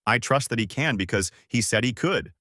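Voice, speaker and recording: Give me a man playing an upbeat, trusting young male fighter with a lively voice. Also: mid-range voice, moderate pace, no room sound, studio quality.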